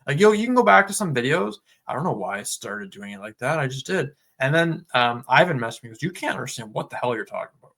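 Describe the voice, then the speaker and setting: Man, casual podcast talk, bright forceful tone, filler-heavy, plays out customer lines. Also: mid-range voice, fast talker, vocal fry, hardly any pauses. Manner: relaxed, lots of filler words, acts out customer dialogue. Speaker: podcast co-host.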